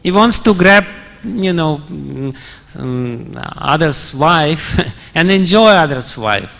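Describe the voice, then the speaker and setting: Male preacher, storytelling sermon, bright tone, chuckles, long reverb. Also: a little high, expressive, slow pace, gravelly. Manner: chuckles often, many fillers. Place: large temple hall.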